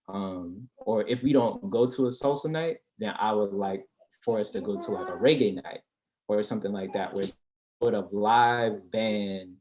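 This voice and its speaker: A man's voice: fairly low pitch, slight background noise. A man in casual podcast chat, telling a story in slang with plenty of swearing and acting out the dialogue. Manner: animated storytelling, acts out dialogue; heavy slang and profanity. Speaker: podcast guest.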